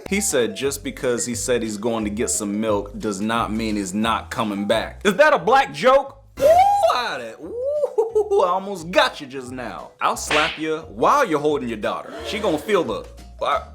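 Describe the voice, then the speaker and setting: A man's voice: mid-range voice, moderate pace, soft background music. A man streaming live, joking and talking back to the videos he reacts to. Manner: playful, joking, animated.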